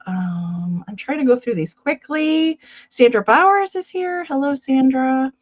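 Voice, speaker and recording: Brief: woman host on a live-stream sale, pitched a bit high, easygoing and talkative, recorded with a muffled lo-fi sound. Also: expressive, unhurried. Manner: chatty, greets viewers by name; explains steps plainly with many fillers. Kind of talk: casual live-stream chat.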